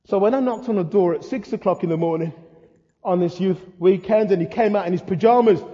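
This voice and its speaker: An older man preaching a sermon, telling stories with humor and lively asides. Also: high-pitched, brisk. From England. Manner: storytelling, humorous, animated asides. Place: church hall. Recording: muffled sound in a reverberant hall.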